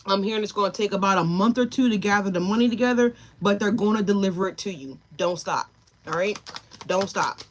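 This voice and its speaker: A woman's voice: mid-range voice, a little fast, slight background noise. A woman giving a live tarot reading, talking straight to her viewers and chat, emotional and tearful at times. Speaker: tarot reader.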